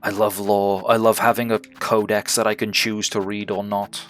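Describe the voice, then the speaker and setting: A man's voice: lowish voice, flat delivery, moderate pace. A man giving casual, joking gameplay commentary on a stream, swearing and laughing as he talks. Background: faint game music.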